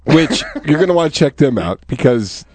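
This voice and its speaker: A man's voice: fairly high pitch, big pitch swings, normal speed, a little mellow, dry recording. A man hosting a poetry radio show, bantering loosely and laughing often with his co-hosts.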